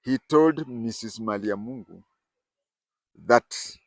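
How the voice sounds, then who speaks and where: A man's voice: medium pitch, slow pace, no echo. Older man telling stories. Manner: animated, rising and falling emphasis. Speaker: storyteller host. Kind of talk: casual spoken storytelling.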